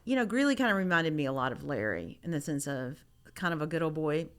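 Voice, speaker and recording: A woman's voice: sits low, animated, fast. A middle-aged woman artist from Memphis, talking casually in an interview, rambling with many restarts. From Memphis, Tennessee. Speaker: artist guest.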